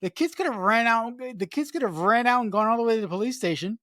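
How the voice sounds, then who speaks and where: A woman's voice: a little high, expressive, quick pace, fairly bright tone, dry recording, clean studio sound. Emphatic woman ranting about a film. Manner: emphatic, profane, stumbling restarts when worked up. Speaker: podcast co-host. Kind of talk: casual film review chat.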